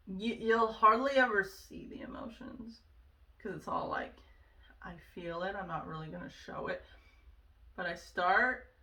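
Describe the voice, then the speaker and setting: A woman speaks in an earnest, conversational way, sharing personal advice and checking in with asides. Her voice is bright and forceful, and it sits a little back from the mic. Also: mid-range voice, recorded from a distance. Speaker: vlogger sharing self-help advice. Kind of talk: casual personal advice talk.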